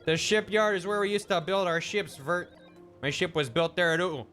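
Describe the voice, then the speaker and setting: A man's voice: sits high, fairly even intonation, moderate pace, fairly bright tone, faint music behind. A man voicing an old male robot sea captain with a put-on Midwestern accent, reading the game's lines in a hammy way. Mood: folksy. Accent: put-on American Midwestern. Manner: hammy reading of game dialogue.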